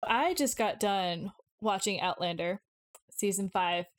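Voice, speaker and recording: Chatty woman co-hosting a podcast. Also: mid-range voice. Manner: chatty, quick asides with "like". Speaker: podcast co-host. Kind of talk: casual chat.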